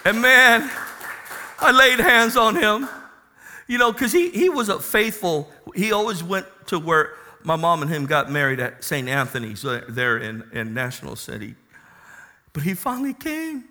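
A man preaching a sermon as a pastor, telling a personal story with passion and loud emphatic bursts. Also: sits high, big pitch swings, a little slow.

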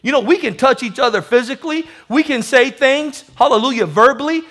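A man preaching a lively sermon as pastor, animated and laughing as he goes, often calling out hallelujah. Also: very high-pitched, fairly quick.

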